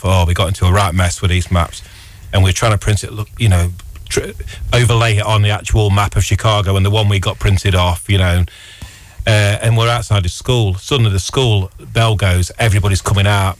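A man with a fairly low voice chats as a radio guest. He tells long, meandering anecdotes, stacking fillers and false starts as he goes. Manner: rambling storyteller, frequent fillers and restarts. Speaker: radio guest, record dealer. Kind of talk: casual chat.

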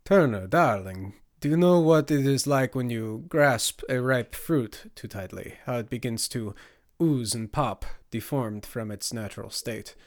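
A man's voice: mid-range voice, expressive, a little slow, no echo, studio quality. A man voicing a worldly, theatrical man with a foreign flair, speaking in a suave, drawling, dramatic manner. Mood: suave amused.

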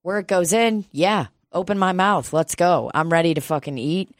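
A woman tells a rambling story in a casual chat, swearing freely and laughing as she goes. Her voice sits a little low. The sound is dry and close. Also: normal speed, dry recording. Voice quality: profane, laughs often.

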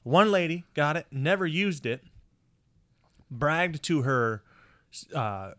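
A man's voice: on the high side, animated, slow pace, bright, forceful tone, dry recording. A man in his thirties telling a rambling story with jokey asides in a casual chat.

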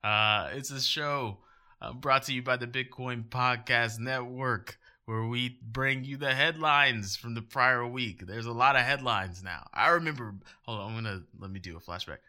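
A man's voice: mid-range voice, moderate pace, pushed and bright. A man hosting a podcast in a casual, jokey, rambling way, poking fun at himself. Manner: jokey, rambling, self-mocking. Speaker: podcast host.

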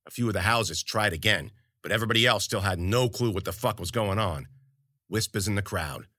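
A man's voice: on the low side, expressive, normal speed, bright, forceful tone, no echo, studio quality. A man narrating a story in first person, with wry, colloquial and profane delivery. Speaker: audiobook narrator.

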